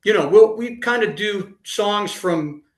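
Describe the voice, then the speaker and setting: A man's voice: high-pitched, lively intonation, measured pace, echoey room. A middle-aged man, a band leader, answering interview questions in an easygoing way.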